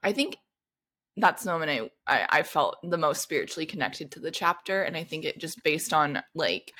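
A woman's voice: low voice, animated, normal speed, pushed and bright. A young adult woman guesting on a podcast in casual chat, chiming in with wry, dry jokes.

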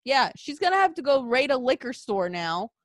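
A young woman co-hosting a podcast, venting and swearing in casual chat, lurching between mumbles and loud outbursts. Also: high-pitched, big pitch swings, normal speed, no room sound, clean studio sound. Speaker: podcast co-host.

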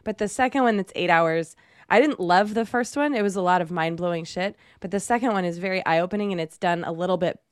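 A woman's voice: lowish voice, fast talker, clean tone, no room sound, clean studio sound. A woman on a podcast in casual chat, talking easily and laughing.

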